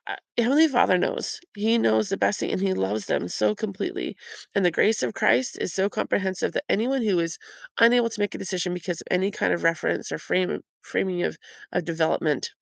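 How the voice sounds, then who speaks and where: A woman's voice: mid-range voice, fairly quick, gravelly, no echo. A middle-aged woman sharing a heartfelt, openly emotional personal faith reflection as a vlogger.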